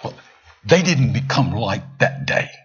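A male preacher delivering a dramatic sermon, swinging from loud emphatic peaks down to hushed near-whispers. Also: on the low side, expressive, a little slow, slightly rough. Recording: dull lo-fi sound.

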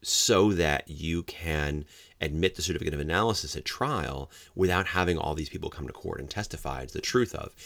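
Very deep gravelly male legal lecturer. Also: a little fast, no echo. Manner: explanatory, acts out quoted examples with sudden loud outbursts. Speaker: legal trainer for law enforcement.

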